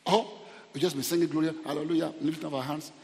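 Middle-aged Nigerian male pastor, lively humorous sermon, slightly high voice, reverberant church hall. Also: fast, gravelly. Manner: humorous, animated, repeats words.

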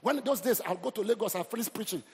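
A man's voice: high-pitched, fast, husky. A middle-aged Nigerian man preaching a humorous, exhorting sermon as pastor. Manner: animated, humorous, exhorting the crowd. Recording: reverberant hall.

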